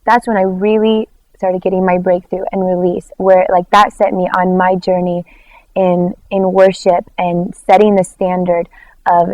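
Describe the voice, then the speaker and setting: A worship leader tells a personal testimony in an interview, animated and acting out quoted dialogue, with lots of "like" fillers. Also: female voice, on the low side, measured pace, poor audio. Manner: frequent "like" fillers.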